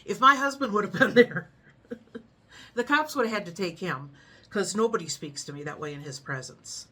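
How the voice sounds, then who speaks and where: A middle-aged woman from the United States chatting casually to her viewers, telling a story with frequent laughs and a calm, frank manner. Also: mid-range voice, moderate pace, breathy edge. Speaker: vlogger.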